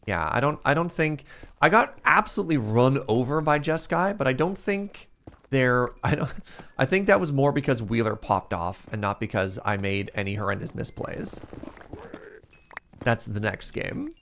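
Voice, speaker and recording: A man's voice: mid-range voice, normal speed, gravelly, fairly bright tone. A Canadian man from the prairies, streaming a game and chatting casually and playfully with his viewers, often joking at his own expense. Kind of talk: casual chat while playing a game.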